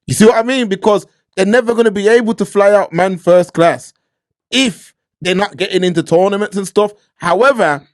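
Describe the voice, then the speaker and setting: A man co-hosts, chiming in and agreeing before making his own points. His voice sits fairly high and sounds close and dry. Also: moderate pace, no echo. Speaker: co-host. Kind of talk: heated opinion chat.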